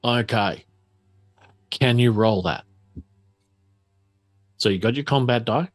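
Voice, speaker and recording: A man running a tabletop game as game master, explaining rules slowly with lots of fillers. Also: medium pitch. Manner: unhurried, drawn-out explanations with fillers.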